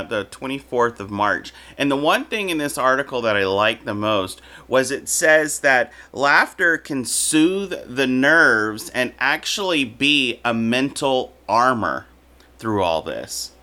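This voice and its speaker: A man hosting an interview, speaking in a measured way and citing an article. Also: medium pitch, expressive, pushed and bright. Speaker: host. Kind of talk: interview chat.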